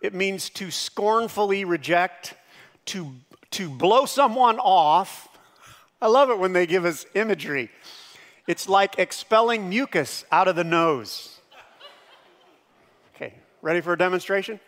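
Pastor, male, unhurried sermon delivery, lively with sudden loud bits; roomy hall sound. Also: sits high. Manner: lively, shifts between hushed and shouted impressions.

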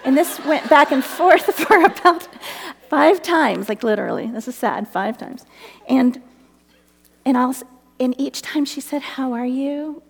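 Woman, testimony talk, animated storytelling, slightly high voice, reverberant church hall. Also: measured pace, gravelly, slightly rough. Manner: earnest, animated storytelling with laughs and acted quotes. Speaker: speaker at a church women's gathering.

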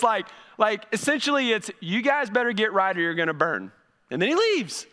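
A male pastor with a high, light voice delivers his sermon in a church sanctuary. His speech is conversational, and he doubles back on words as he builds toward a point. The sound carries a long reverb from the hall. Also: very animated, moderate pace, sharp tone.

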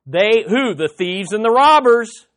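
A man preaching an expository sermon to his congregation, animated and conversational, often restarting his sentences and dropping into quick playful impressions. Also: sits high. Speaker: pastor.

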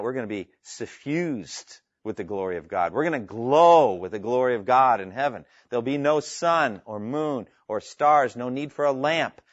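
A man's voice: mid-range voice, no echo. Man, Bible teacher, earnest and emphatic, mid-range voice, dry lo-fi recording. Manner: earnest and emphatic, reads scripture aloud and explains it. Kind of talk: Bible teaching to a live class, taking questions.

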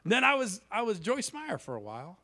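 A man's voice: sits high, brisk, slight background noise. A man from the inner city preaching a sermon in a church, telling stories and acting out the voices of the people in them. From Cleveland inner city. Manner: lively storytelling, acts out quoted voices. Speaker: guest preacher.

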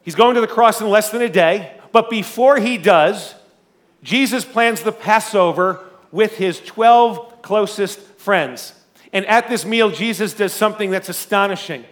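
A male pastor preaching a sermon, telling a story in an animated, conversational way with a loud speaking voice. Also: high-pitched, a little slow.

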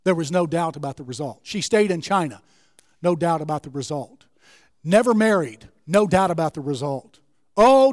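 High-voiced man preaching with fervor. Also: lively intonation, moderate pace, no room sound, clean studio sound, long reverb tail. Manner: impassioned preaching, rising to shouts. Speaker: pastor. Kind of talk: sermon. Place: church sanctuary.

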